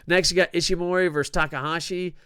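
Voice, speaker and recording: A man hosting a wrestling news show in a casual, grumpy, profane rant that swings from low mutters to loud outbursts. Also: fairly even intonation, fast talker, clean tone.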